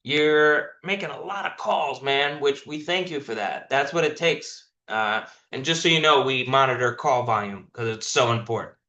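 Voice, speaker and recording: Bright, roomy-sounding man coaching salespeople. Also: mid-range voice, moderate pace, hardly any pauses, dull audio. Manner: direct, coaching, repeats points for emphasis. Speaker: sales team manager. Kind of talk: coaching a sales team on a video call. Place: online team meeting.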